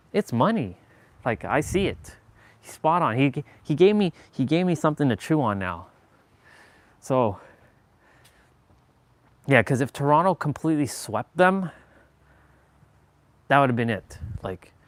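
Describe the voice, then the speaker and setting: A man's voice: fairly high pitch, very animated, a little slow, pauses often, dry recording. A man from Southern California hosting a livestream, chatting casually in a rambling way, full of fillers and casual swearing. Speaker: livestream host. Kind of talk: casual chat. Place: indoors, away from the city he talks about.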